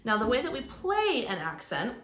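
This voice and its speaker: A woman's voice: on the high side, huge pitch swings, normal speed, fairly bright tone. A woman teaching a strings class, explaining music terms patiently, step by step, and counting beats aloud. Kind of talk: instructional explanation. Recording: echoey room, faint background noise.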